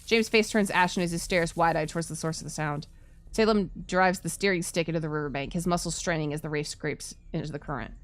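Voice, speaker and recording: Woman streamer, game reading, lower register, steady narration. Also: fast talker.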